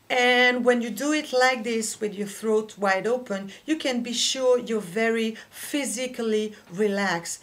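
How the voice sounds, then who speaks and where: A woman whose first language is French, teaching a singing lesson and explaining slowly and carefully with small pauses. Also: a little high. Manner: slow, careful explaining with fillers. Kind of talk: vocal lesson with sung demonstrations.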